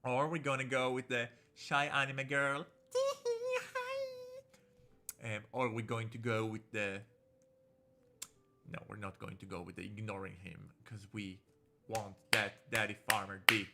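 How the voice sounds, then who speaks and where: This man's voice is lowish, creaky, bright and forceful, with little pitch movement and a normal speed. He's streaming a visual novel, reading its text aloud and joking playfully and campily in casual commentary while faint game music plays.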